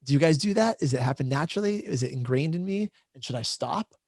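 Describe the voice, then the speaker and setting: Fast-talking man telling a chatty story. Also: fairly high pitch, animated, gravelly, a little mellow, slightly rough, no echo, studio quality. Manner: quick, chatty, self-deprecating storytelling. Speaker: panel moderator. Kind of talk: casual panel discussion. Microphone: video call.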